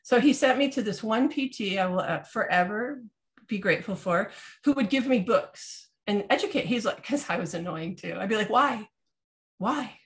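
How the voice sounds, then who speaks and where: A woman's voice: mid-range voice, moderate pace. A woman in her thirties, a health podcast co-host, chatting casually and acting out the people in her story with shifts in voice. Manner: animated storyteller acting out quotes.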